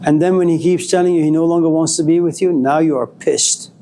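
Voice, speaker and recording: A man's voice: fairly even intonation, a little fast, mellow, slight background noise. A man giving a classroom lecture, dramatically acting out scenes and jumping his voice up when he plays anger. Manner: dramatic, acts out scenes, swings pitch up when mock-angry. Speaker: college lecturer.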